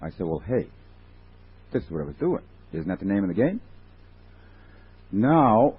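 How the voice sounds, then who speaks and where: Husky low-voiced man sharing at a meeting. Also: big pitch swings, moderate pace, long pauses. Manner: rambling, self-questioning, wry. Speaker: recovery meeting speaker. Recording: tinny lo-fi 1980s tape.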